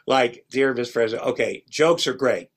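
A man's voice: mid-range voice, moderate pace. A middle-aged man, a guest on a podcast, telling long stories in a rambling, casual way and acting out what others said. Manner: rambling, restarts often, acts out quoted lines. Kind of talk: casual storytelling chat.

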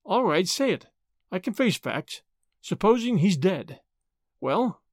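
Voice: mid-range voice, big pitch swings, slow, no echo. Reader doing a snappy frank young woman, flits up and down a lot, dry close sound. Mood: tart. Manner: snappy, emotional, talks to herself. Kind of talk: audiobook character voice.

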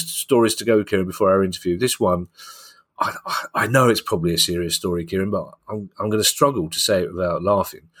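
A man hosting a football podcast, chatty and easily amused as he runs through the stories. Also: lowish voice. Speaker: podcast host. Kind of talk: casual football news chat.

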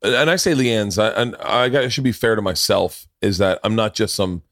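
A man's voice: lowish voice, moderate pace, a bit bright, no echo, clean studio sound. A middle-aged man hosting a podcast in casual chat, telling rambling, profane stories and acting out what other people said. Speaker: podcast host.

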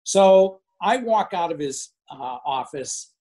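An older man in his sixties tells a casual story with a slightly raised voice. He is animated and acts out the lines of the people in the story. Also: a little high, moderate pace. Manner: animated, acts out quoted dialogue. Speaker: former finance manager. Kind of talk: casual spoken anecdote.

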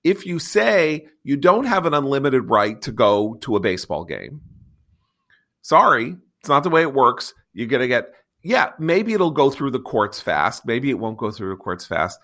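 A man's voice: medium pitch, very animated, moderate pace, a bit bright. A middle-aged man hosting a podcast, talking bluntly and heatedly in a ranting, casual debate. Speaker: podcast host.

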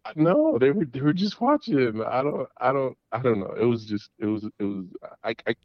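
A man's voice: medium pitch, big pitch swings, moderate pace, no echo. A middle-aged man, calling in, tells a long story in a rambling way, with restarts and repeated words. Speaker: caller. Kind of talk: casual storytelling. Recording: dull lo-fi audio.

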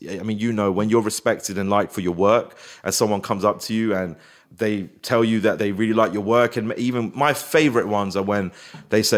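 A man, chatting as a guest in an interview and often slipping into quick put-on voices and impressions. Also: on the low side. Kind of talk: casual interview chat.

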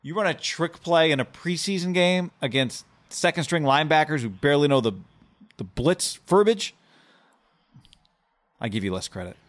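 A man's voice: fairly high pitch, expressive. Upbeat male podcast co-host. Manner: brisk, upbeat ad reads and loose banter. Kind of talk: casual sports podcast chat and ad reads.

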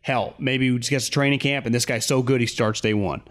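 A man's voice: mid-range voice, steady tone, fairly quick. A man co-hosting a sports talk show, talking through his guesses in an easygoing, conversational way. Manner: conversational, speculative, easygoing with laughs.

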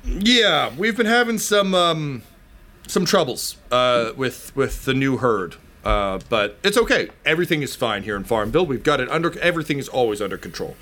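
A man's voice: medium pitch, very animated, normal speed, a bit bright, pitched above the performer's own voice. A man voicing a nervous, evasive male meat plant worker who stammers and keeps insisting everything is fine. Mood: flustered. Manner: stammering, jittery, overly reassuring.

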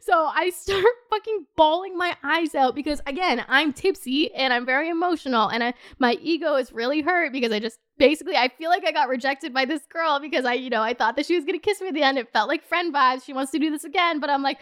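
A young woman with a bright, high voice tells a storytime on her vlog. She talks in an animated way and swears freely, her delivery wavering between laughing and almost crying. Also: a little fast. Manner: animated, profane, swings between laughing and near-tears. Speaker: vlogger.

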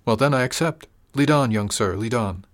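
A man's voice: mid-range voice, normal speed, lightly acted. A man voicing a kindly old herbalist woman. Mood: gentle. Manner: gentle, reassuring, homely. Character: kindly older woman herbalist, motherly and wry.

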